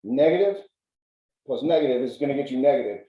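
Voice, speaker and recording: A man's voice: medium pitch, lively intonation, fairly quick, dull audio. A man hosting a casual podcast chat, philosophizing in a profane, frank way. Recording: roomy sound, mic at a distance.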